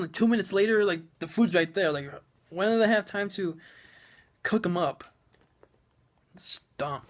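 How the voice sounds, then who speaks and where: A man's voice: sits high, a bit bright. A man giving a sarcastic, profane, rambling movie review full of fillers and restarts.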